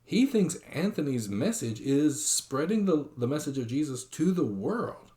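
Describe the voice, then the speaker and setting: A man's voice: fairly high pitch, very animated, measured pace, warm tone. A man giving an online lecture, reading quotations aloud with frequent fillers and restarts.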